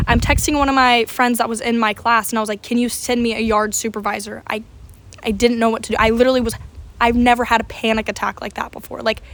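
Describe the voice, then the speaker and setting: A young woman with a fairly high voice recounts a story straight to camera. She tells it in an animated, dramatic way. She swears without a second thought. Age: young adult. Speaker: vlogger.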